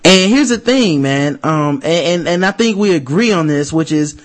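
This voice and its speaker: A man's voice: a little high, expressive, normal speed. A man co-hosting a podcast in casual chat, telling loose, profane stories that he animates with mock voices. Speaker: podcast co-host.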